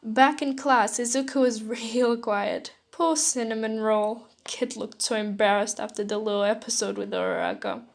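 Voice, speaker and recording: A woman narrating a second-person fan story in a soft, emotional storytelling manner. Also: fairly high pitch, steady tone, moderate pace, few pauses. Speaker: fanfiction reader.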